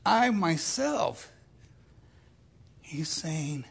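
An older man preaching a sermon in a slow, deliberate way, dropping into quiet asides. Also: a little high, creaky.

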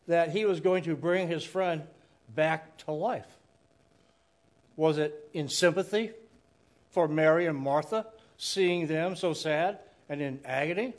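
A man delivers a sermon at an unhurried, deliberate pace. His voice sits a little high for a man. He speaks earnestly and reflectively, often pausing on rhetorical questions. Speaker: preacher.

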